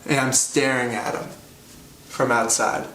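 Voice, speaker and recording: A man's voice: mid-range voice, little pitch movement, unhurried, bright, forceful tone. A man telling a stand-up story in a rambling, self-deprecating way, full of fillers, recorded from a distance in a roomy space. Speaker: comedian, storyteller. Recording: roomy, distant mic, faint hum.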